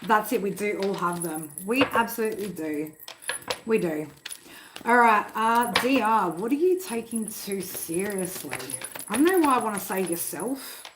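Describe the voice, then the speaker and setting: A woman's voice: mid-range voice, animated, moderate pace, background noise. A woman hosting a live tarot stream from home, chatty and easygoing, swearing freely and laughing often. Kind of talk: casual live-stream chat. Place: home room.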